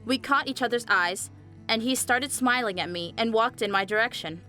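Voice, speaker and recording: A young woman narrating a scripted animated story, chatty and speaking straight to viewers. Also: fairly high pitch, normal speed. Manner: chatty, addresses viewers directly. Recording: faint music behind the voice.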